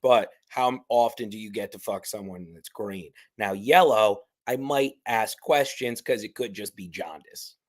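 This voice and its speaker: A man, a guest comedian, trading crude deadpan jokes in casual banter. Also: on the low side, normal speed, few pauses.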